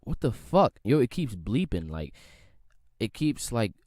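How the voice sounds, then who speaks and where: A young man hosting a casual solo podcast, ranting in a profane, animated way and mocking people in quoted voices. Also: medium pitch, unhurried, no room sound, studio quality. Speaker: podcast host. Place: home room at a computer.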